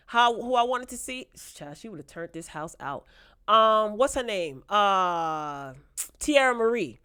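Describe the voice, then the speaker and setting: A woman's voice: mid-range voice, lively intonation, unhurried, pushed and bright, clean tone, dry recording, studio quality. A woman talking casually and bluntly in a sassy, playfully shady review vlog about a reality show.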